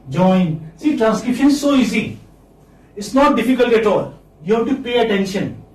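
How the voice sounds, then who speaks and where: A man teaching English phonetics to a class in a lecture style, slowly repeating each word so the students can copy it. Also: sits high, expressive, recorded from a distance. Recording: echoey classroom, speaker off-mic, faint noise.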